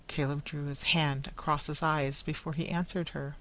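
Measured storybook narrator. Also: medium pitch, flat delivery, a bit bright, poor audio. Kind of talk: scripted story narration for English learners.

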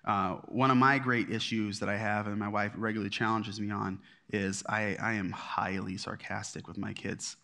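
Man, middle-aged, low voice, church class teacher, casual self-deprecating teaching. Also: level tone, moderate pace, vocal fry, hardly any pauses, bright, forceful tone. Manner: conversational, self-deprecating, with many fillers and restarts.

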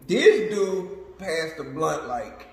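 A man in his thirties spins a casual story with lots of laughter, acting out the people in it. His voice sits high and swings widely. It is heard in a very echoey room with a long reverb. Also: extremely slow, creaky, a little hiss or hum. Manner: animated, laughing a lot, acting out quotes.

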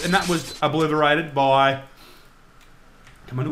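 A young man commentating on his own gameplay, excitable, swearing and shouting at the game. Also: on the high side, normal speed, pauses often, a little hiss or hum. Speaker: gaming channel host.

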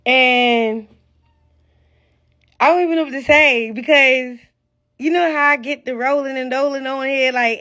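A high-pitched woman rambles excitedly on a live stream, dropping slang and losing her train of thought as she goes. The sound is dull and lo-fi, like a phone recording. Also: a little slow. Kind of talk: casual live stream talk.

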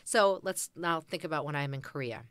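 A woman's voice: deep voice, moderate pace, dry recording. A woman in her fifties with an American accent, telling stories animatedly as a therapist guest. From United States. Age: 50s. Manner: animated storyteller acting out quotes. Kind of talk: conversational interview.

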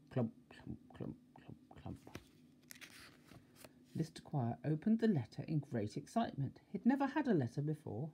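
A woman's voice: low voice, dark tone, breathy edge. An older woman, a grandmother, reading a bedtime story aloud and expressively, with asides to a child.

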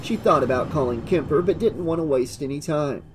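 A man's voice: fairly high pitch, a little fast, a little hiss or hum. Man narrating an audiobook.

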